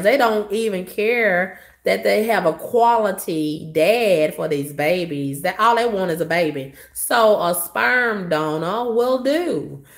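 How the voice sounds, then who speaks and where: A woman's voice: mid-range voice, echoey room. A woman delivering a profane, sassy rant as a vlogger, coughing now and then. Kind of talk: ranting monologue.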